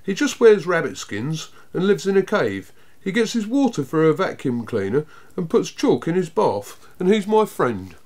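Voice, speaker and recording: A man's voice: a little high, sing-song, moderate pace, darkish tone, pitched above the performer's own voice. A man reading a storybook aloud and voicing an eager, earnest young boy in a raised voice.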